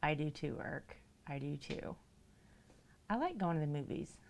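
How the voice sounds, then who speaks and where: A woman's voice: big pitch swings, a little slow, vocal fry, a little hiss or hum. A woman livestreaming who chats casually with viewers, laughs often, reads their messages aloud and talks to her cats in a sing-song voice. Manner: goes high and sing-song when talking to her cats. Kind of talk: casual live-stream chat.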